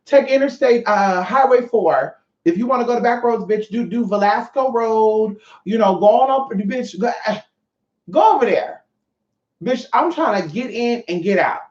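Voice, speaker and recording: A livestream host from California, talking casually with viewers in a profane, animated rant. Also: mid-range voice, moderate pace, hardly any pauses. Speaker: livestream host running online classes. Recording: roomy, dull lo-fi sound.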